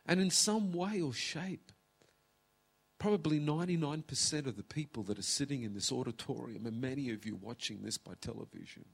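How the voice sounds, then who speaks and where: A man's voice: medium pitch, creaky, breathy edge. A man in his fifties preaching a sermon in an auditorium, emotional and close to tears, dropping to whispers. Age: 50s. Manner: emotional, tearful preaching with dramatic pauses and whispers. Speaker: pastor. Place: large auditorium.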